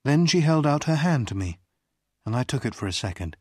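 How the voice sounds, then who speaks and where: An audiobook reader narrating a story slowly and carefully for English learners. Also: medium pitch, slightly rough, no room sound, studio quality. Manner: slow, careful, expressive reading.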